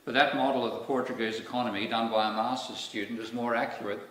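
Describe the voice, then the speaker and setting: A man with an Australian accent gives a public lecture as a guest lecturer, wry and candid and full of asides. His mid-range voice is steady, fast and a bit bright. The echoey lecture hall is picked up on a distant mic with faint noise.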